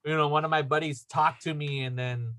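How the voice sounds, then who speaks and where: A man's voice: a little high, fairly even intonation, brisk, pushed and bright. A man telling a story in casual chat, rambling with lots of fillers and acting out the dialogue. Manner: rambling, filler-heavy, acts out quoted dialogue. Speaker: podcast storyteller.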